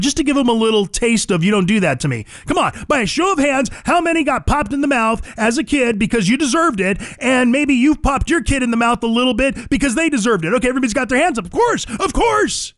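A man's voice: sits high, no echo, studio quality. A man hosting a call-in radio talk show, delivering a blunt, combative, folksy monologue.

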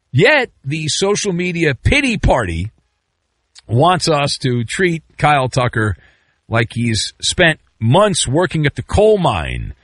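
A male podcast host giving a sarcastic, mocking comedic sports rant with sudden jumps in pitch. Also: huge pitch swings, slow pace, fairly bright tone, dry recording.

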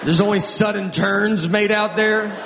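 Standup guy complaining, roomy echo, loud noisy room. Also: high voice, steady tone, a little slow, vocal fry. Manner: rambling, exasperated complaining. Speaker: stand-up comedian. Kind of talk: stand-up comedy.

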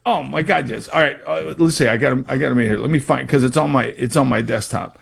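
A man's voice: mid-range voice, fast talker, gravelly. A man hosting a sports talk show, explaining things casually in a rambling way with many restarts and examples.

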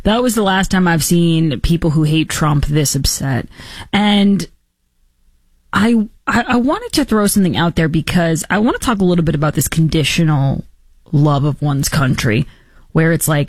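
A woman hosting political commentary, talking in a sarcastic, mocking and animated way. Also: fairly low pitch, normal speed, dry recording.

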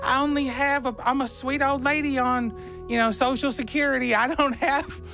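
A sugary, high-pitched old granny who haggles without mercy, as a man puts her on. Her voice wobbles with age and keeps sweet-talking. Soft music plays faintly underneath. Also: fairly even intonation, moderate pace, vocal fry. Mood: wheedling. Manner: high wavering granny voice, wheedling.

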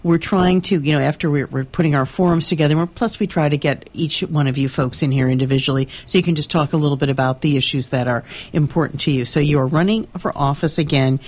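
A woman's voice: sits low, fast, few pauses, darkish tone. Chatty radio host lady, rambles a bit, casual and friendly. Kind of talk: radio interview.

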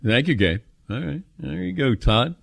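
A man's voice: medium pitch, normal speed, gravelly, no echo. A middle-aged man hosting a call-in radio show in casual, joking chat. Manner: lively, joking, animated.

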